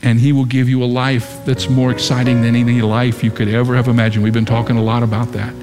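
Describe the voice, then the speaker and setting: A man's voice: medium pitch, flat delivery, quick pace, hardly any pauses, long reverb tail, over music. A man preaching a sermon with impassioned, rising and falling emphasis in a large church. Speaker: pastor.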